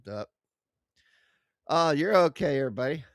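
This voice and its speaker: A man's voice: fairly high pitch, animated, moderate pace, dry recording. A man hosting a livestream, reading chat aloud and mocking it, swearing and laughing often, close to his desk mic. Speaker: livestream host.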